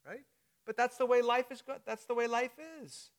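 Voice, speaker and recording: A man's voice: very high voice, flat delivery, normal speed. A middle-aged man, a pastor preaching a sermon in a church, telling stories in a conversational way and joking with the congregation. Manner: storytelling, conversational, jokes with the congregation. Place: church sanctuary.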